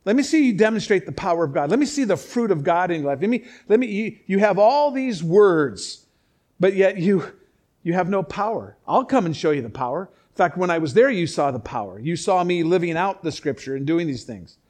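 A man preaching a conversational Bible teaching, animated, with sarcastic asides and chuckles. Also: high voice, brisk. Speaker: pastor. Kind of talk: expository sermon.

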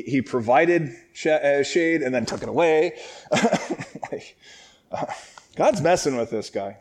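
Teaching a Bible passage, this man keeps things casual and jokey, laughing often and acting out lines in a raised voice. He speaks conversationally in a mid-range voice with a darkish tone.

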